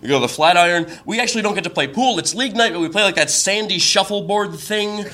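A man telling a comic personal story on stage, wry and self-mocking. His voice is bright and forceful, pitched a little high. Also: fast.

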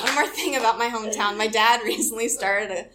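A young woman comedian from Arkansas doing a live stand-up set on a theater stage, wry and self-mocking, with quick asides and frequent laughter. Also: fairly high pitch, crowd noise. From Arkansas, USA.

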